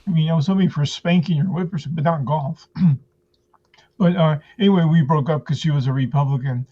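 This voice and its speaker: A man doing stand-up jokes over a video call, halting with many fillers, clearing his throat and giggling at his own lines. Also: a little high. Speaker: stand-up comedian. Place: at home in front of a green screen. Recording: muffled lo-fi video call audio.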